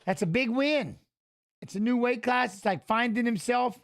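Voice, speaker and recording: Watching fights live, a man with a notably high voice gives loose commentary at a moderate pace. He rambles, speaks directly to viewers in chat, and openly gets emotional about the action.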